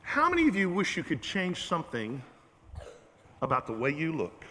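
A man's voice: fairly high pitch, moderate pace, big-room sound, a little hiss or hum. A man preaching a sermon in a church, joking and poking fun at himself as he speaks to the congregation. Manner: animated, joking and self-mocking, talks to the room. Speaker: pastor. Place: church sanctuary.

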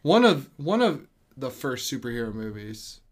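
A man hosting a casual podcast, rambling a little and tripping over names. His voice sits at an ordinary middle pitch, and his talk is loose and relaxed. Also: moderate pace. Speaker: podcast host. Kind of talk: casual chat.

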